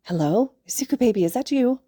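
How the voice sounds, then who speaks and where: A woman playing a gentle cooing mother. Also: a little high, expressive, fast talker, breathy edge, no room sound, clean studio sound, voice pushed up. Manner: soft, cooing. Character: gentle loving mother on the phone.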